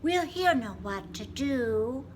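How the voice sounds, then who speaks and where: A woman voicing a gentle, caring rabbit who speaks in a soft, sympathetic way. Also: sits high, lively intonation, slow pace, a little hiss or hum, voice pushed up.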